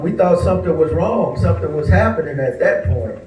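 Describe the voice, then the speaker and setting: A man telling a personal story at a tribute, unhurried and folksy, with frequent pauses and fillers. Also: on the high side, lively intonation, highs cut off. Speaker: speaker at a memorial tribute. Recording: roomy, distant mic, faint background noise.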